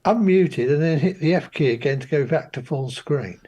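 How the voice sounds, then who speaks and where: A man in a casual group video chat, walking a friend through the steps with patience. His voice is husky and sits a bit high. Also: normal speed, mellow, dull audio. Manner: patient, giving step-by-step instructions.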